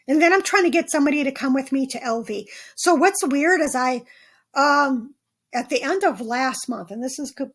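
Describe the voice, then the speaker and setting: A woman hosting a podcast, talking casually and rambling through her dream notes with many ums and restarts. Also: high-pitched. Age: not 27. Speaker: podcast host. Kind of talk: casual dream-journal monologue.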